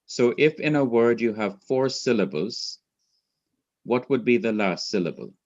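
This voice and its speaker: A man's voice: mid-range voice, lively intonation, unhurried, a little mellow, lo-fi sound. A man teaching a class, explaining step by step, repeating his points and quizzing a student. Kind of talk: class lecture.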